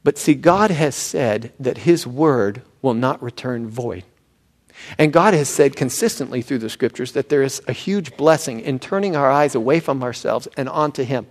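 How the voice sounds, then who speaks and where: A pastor preaching a sermon, animated and swinging from loud emphasis to hushed tones. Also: male voice, medium pitch, moderate pace.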